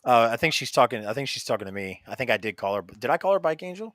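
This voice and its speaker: A man hosting a casual podcast chat, who swears freely and tells stories in an animated, laughing way. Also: mid-range voice, fast talker, dry recording, studio quality. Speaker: podcast host.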